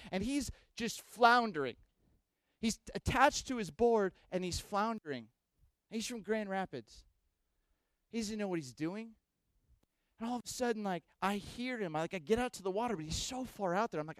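A man with a fairly high voice delivers a sermon as a lively storyteller, jumping from loud bursts to hushed asides. The sound is dry and close, with no room around him. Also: dry recording. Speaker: pastor.

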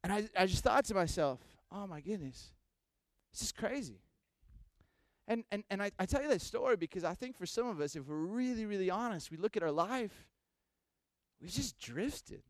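A man with a fairly high voice delivers a sermon as a lively storyteller, jumping from loud bursts to hushed asides. The sound is dry and close, with no room around him. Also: brisk, no room sound. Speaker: pastor.

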